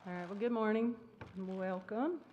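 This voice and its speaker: At a church school awards service held in the sanctuary, a middle-aged woman teacher gives an emotional speech, fighting back tears. Her voice is medium in pitch at a normal speed. The recording sounds dull and lo-fi, with a little hiss or hum.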